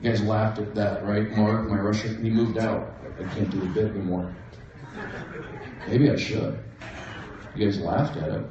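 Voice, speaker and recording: A man doing a stand-up comedy set in a comedy club, with a manic, erratic delivery that breaks into sudden loud outbursts. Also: lowish voice, steady tone, moderate pace, pauses often, muffled recording, background noise. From American Southwest. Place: comedy club main room. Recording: roomy, distant livestream audio with crowd laughter.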